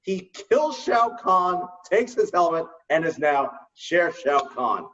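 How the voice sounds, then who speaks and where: A man co-hosting a casual gaming chat, telling stories in an animated way and laughing often. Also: fairly high pitch, slow pace, far from the mic, muffled recording. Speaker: co-host.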